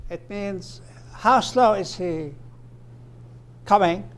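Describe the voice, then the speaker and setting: A man giving a grammar lecture, slowing down and stressing his example phrases. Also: high-pitched. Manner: explanatory, with fillers and restarts. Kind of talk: recorded lecture.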